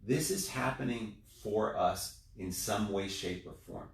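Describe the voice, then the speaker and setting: A man telling a story in a relaxed interview, animated one moment and hushed the next. His voice sits somewhat low. It echoes around the room, picked up from a distance. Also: unhurried, gravelly. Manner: animated storyteller, drops quiet for quotes. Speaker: guest, business owner. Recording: roomy sound, distant mic.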